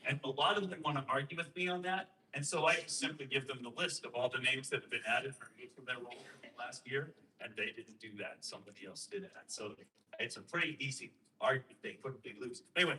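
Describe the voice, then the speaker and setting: Bright-voiced man explaining emphatically. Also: medium pitch, a little fast, distant mic, slight background noise, low-quality recording. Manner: emphatic, rhetorical questions, acts out quoted voices. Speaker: guest speaker on election systems. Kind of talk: explaining and storytelling to a host.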